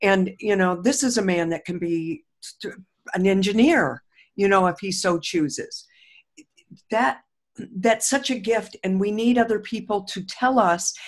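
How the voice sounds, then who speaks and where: An older woman hosts a relaxed spiritual talk over a video call. She tells heartfelt stories at a middling pitch, often restarting her sentences. Her talk is warm in content and unhurried. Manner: heartfelt storytelling, frequent restarts, laughs easily. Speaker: host.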